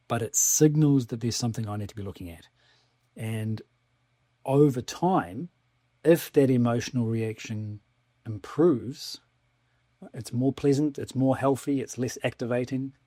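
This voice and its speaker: A man giving a calm, reflective talk as a spiritual teacher, often posing questions and then answering them himself. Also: medium pitch, normal speed, no room sound, clean studio sound. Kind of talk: lecture on spiritual psychology.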